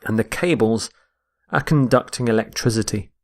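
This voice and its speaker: A man teaching English vocabulary, explaining words slowly and modelling their pronunciation and stress. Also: on the low side. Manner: slow and deliberate, models pronunciation. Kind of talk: vocabulary lesson.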